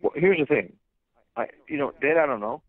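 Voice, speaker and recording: A man's voice: fairly high pitch, lively intonation, a little fast, no room sound. A blunt man rants through a tinny phone line, his voice dry and close with no room around it. He talks as a fighter's manager, piling on fillers and restarts as he vents. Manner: blunt, ranting, many fillers. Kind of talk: phone interview.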